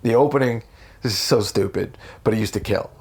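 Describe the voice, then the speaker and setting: Profane, animated male comedian storyteller. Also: a little fast. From United States. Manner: animated, profane, jumps into high voices for quotes. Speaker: comedian guest. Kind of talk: casual storytelling interview.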